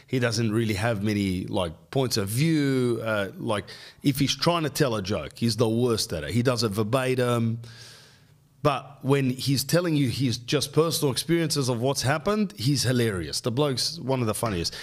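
A man's voice: mid-range voice, animated, moderate pace. An Australian man hosting a podcast, telling a rambling, slang-filled story in casual chat. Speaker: podcast host.

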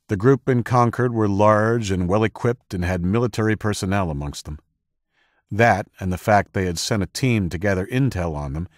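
A man narrating an audiobook in a measured, dramatic storytelling manner. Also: low voice, no echo, clean studio sound.

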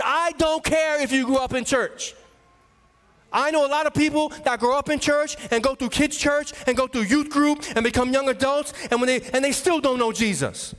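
A man's voice: very high voice, moderate pace. A man, an associate pastor, preaching a sermon with impassioned, pleading fervor. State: emotional, voice dropping low. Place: church sanctuary. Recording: long reverb of a church hall.

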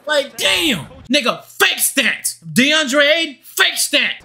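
A man's voice: extremely high pitch, sing-song, takes it slowly, bright, forceful tone. A young man giving angry, profane gameplay commentary, ranting at the game and the referees. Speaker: gaming channel host.

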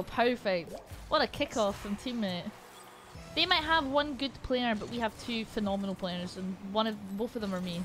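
A young woman commentating her own gameplay, excitable and sweary, often yelling at her teammates. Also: medium pitch, moderate pace, soft background music. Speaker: gaming streamer.

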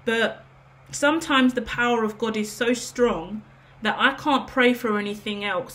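A woman's voice: a little high, unhurried, a bit bright. A woman giving a general tarot reading in a casual, rambling way, earnest and getting emotional as she speaks. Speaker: tarot reader.

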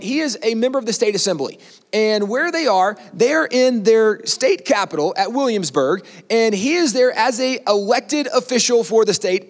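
Brief: high-pitched man, animated history storyteller, conversational, long hall reverb. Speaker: speaker.

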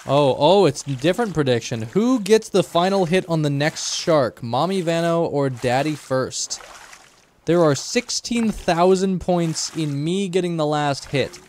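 A man's voice: a little high, unhurried, a little mellow, a little hiss or hum. A man streaming a game live, chatting and joking with his co-player and chat. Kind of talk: casual livestream gaming chat.

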